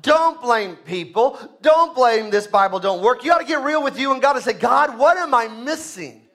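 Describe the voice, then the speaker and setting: High, bright-voiced preacher man. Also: animated, normal speed. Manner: swings from hushed low asides to shouted high exhortation; calls for congregation responses. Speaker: pastor. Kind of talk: sermon.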